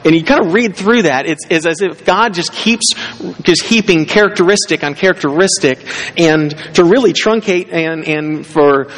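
A man's voice: fairly high pitch, moderate pace, a bit bright, big-room sound. A pastor preaching a casual, conversational sermon, often restarting his sentences.

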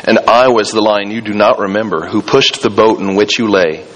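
Deep solemn storybook lion, measured and unhurried; a man doing the voice. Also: fairly even intonation, a bit bright, poor audio. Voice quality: deep, low and slow. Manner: grave, measured storybook reading. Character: vast deep-voiced male lion spirit, calm and solemn.

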